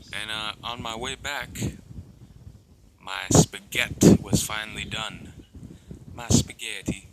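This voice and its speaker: Tired man, casual rambling home narrator, unhurried, noisy recording. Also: lowish voice. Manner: rambling, filler-heavy. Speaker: storyteller and video maker.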